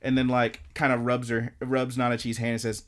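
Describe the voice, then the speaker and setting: A man's voice: medium pitch, brisk. Man recapping an anime, rambling. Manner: rambling, animated retelling with quoted lines. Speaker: podcast co-host. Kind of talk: casual episode recap.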